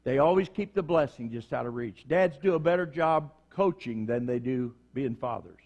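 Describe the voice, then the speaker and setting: A man's voice: mid-range voice, animated, normal speed, dull audio. Man preaching a conversational sermon. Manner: conversational preaching with acted-out quotes. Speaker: prison minister preaching.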